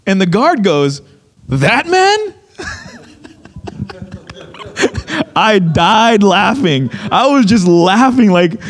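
A young male pastor preaches a sermon, telling a story animatedly and acting out many of the quotes. His voice sits high, and he speaks slowly with few pauses.

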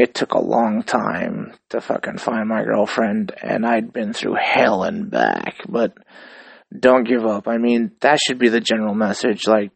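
Man, 30s, solo host; relaxed, profane, reflective ramble; dry recording. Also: mid-range voice, creaky, slightly rough, dry recording, low-quality recording. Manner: loose, profane, reflective and upbeat. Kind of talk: casual rambling monologue.

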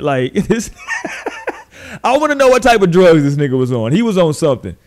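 A man hosting a podcast, telling stories in casual, profane, animated chat and mimicking the people he describes. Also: on the high side, a little fast. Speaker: podcast host.

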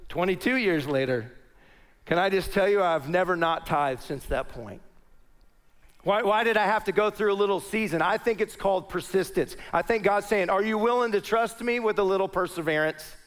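A middle-aged pastor, telling a personal story to his congregation as part of a sermon. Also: high voice. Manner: animated storyteller addressing a congregation.

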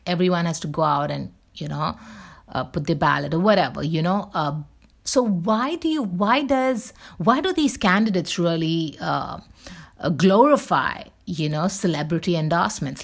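A woman hosting a casual solo talk show, rambling and candid with lots of fillers and restarts. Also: lowish voice. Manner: candid, chatty. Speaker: show host.

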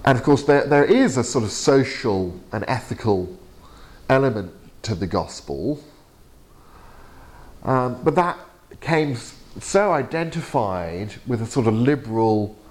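A man lecturing to a class in a halting, chatty way, with many fillers and restarts. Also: medium pitch, animated, darkish tone. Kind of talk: teaching session. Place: lecture room.

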